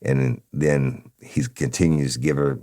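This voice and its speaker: Very deep-voiced blunt man. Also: fairly even intonation, a little slow, mellow. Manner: blunt, profane, folksy. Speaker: podcast host. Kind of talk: true crime storytelling.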